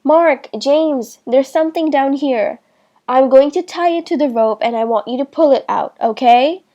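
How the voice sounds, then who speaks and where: A woman reading as a calm, steady father. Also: high-pitched, moderate pace, close to an everyday voice.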